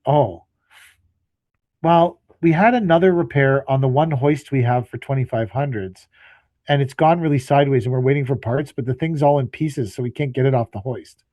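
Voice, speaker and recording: A landscaping business owner co-hosting a casual podcast talks at normal speed in a warm, mid-range voice with no room sound. He sounds tired as he delivers an exasperated, cursing-heavy story, voicing both ends of his phone conversations.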